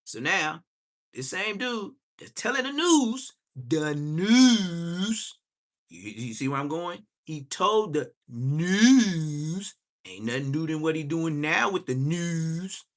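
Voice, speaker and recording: A man's voice: fairly high pitch, lively intonation, takes it slowly. Profane, mocking live streamer man. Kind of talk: roasting commentary on a live stream.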